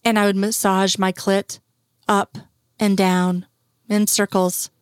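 A woman's voice: mid-range voice, little pitch movement, slow, clean tone, no echo, studio quality, natural voice. A woman reading a confident, teasing young woman. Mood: intimate.

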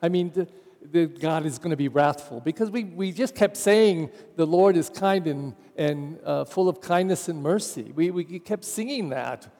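Male pastor, homily, mellow tone, reverberant church, easy conversational delivery. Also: on the high side, moderate pace. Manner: conversational, wry asides. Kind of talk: sermon.

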